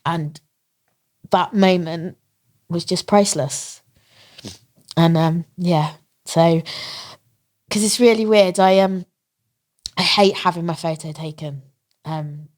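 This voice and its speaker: A lower-voiced woman from England tells her story as a podcast guest. She speaks with lively feeling and laughs often. She acts out the voices of the people in her story. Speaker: interview guest, marathon runner. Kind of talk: emotional storytelling in a podcast interview.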